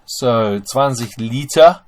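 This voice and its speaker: A man explains German sentence structure step by step, at a middle pitch, as in a screen-recorded lesson. He talks to his viewers as ladies and gentlemen, and keyboard typing is heard behind him. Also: slow. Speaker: German teacher.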